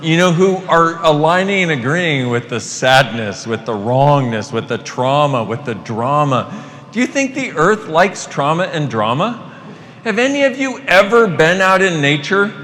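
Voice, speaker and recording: A man giving a live motivational talk to an audience, animated and playful, swearing casually. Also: on the high side. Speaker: workshop facilitator. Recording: long hall reverb, faint noise.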